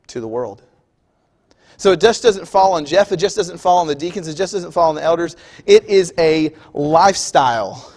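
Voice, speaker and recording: High-voiced preacher in a reverberant hall. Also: male voice, a little mellow. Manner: conversational, acts out everyday scenes. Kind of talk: sermon. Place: church auditorium.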